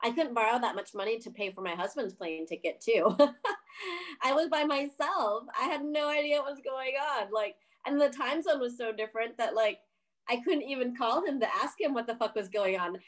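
A woman filmmaker telling a story casually on a video call, chatty and profane, full of "like" and quick laughs. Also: fairly high pitch. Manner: chatty, profane, says "like" a lot, laughs often.

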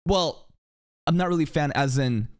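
Excitable swearing man in casual chat. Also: fairly high pitch, moderate pace.

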